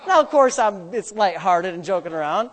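A man preaching a sermon as pastor, repeating phrases in a rhythm, calling for amens, and swinging between hushed asides and loud outbursts. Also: high voice, lively intonation, moderate pace, a faint crowd. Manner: repetitive, rhythmic phrasing with calls for amen.

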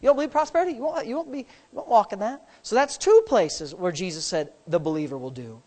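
A woman preaching a sermon, emphatic, swinging between loud declarations and hushed asides. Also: mid-range voice, fast talker. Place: church. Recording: long hall reverb.

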